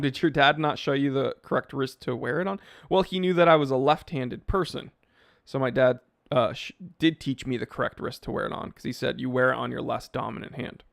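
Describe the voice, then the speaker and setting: A man's voice: a little high, vocal fry, no echo, studio quality. A male watch YouTuber hosting a live stream, reacting to a page with sarcastic commentary, talking to his chat and building up to mock-angry rants. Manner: talks to chat, many fillers.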